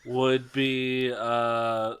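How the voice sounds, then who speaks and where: A man's voice: mid-range voice, level tone, extremely slow, a bit bright, clear, resonant tone. A man co-hosting a podcast in casual chat, often stammering and repeating words while he thinks. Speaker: podcast co-host.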